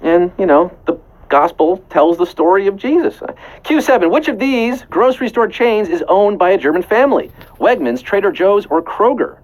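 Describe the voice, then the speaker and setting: This man hosts live trivia in a high, very animated voice at a moderate pace, captured on a low-quality recording. Jokey and fond of puns, he sings little snippets between questions.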